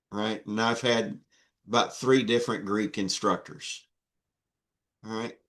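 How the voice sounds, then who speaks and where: Male instructor, unhurried and halting, drilling students on letters. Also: medium pitch, fairly bright tone. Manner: slow, patient, with many fillers and restarts. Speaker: Greek instructor. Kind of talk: online class teaching.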